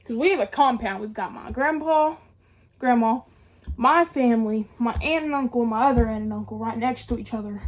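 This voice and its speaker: A young woman telling a story in a casual, animated way, full of slang and swearing. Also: fairly high pitch, moderate pace. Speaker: vlogger.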